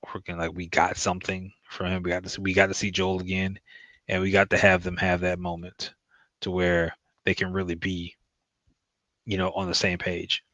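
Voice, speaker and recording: A man's voice: low voice, a bit bright, no echo. A man giving a casual, rambling recap of a TV episode, with loose fillers as he retells the plot. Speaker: TV show reviewer.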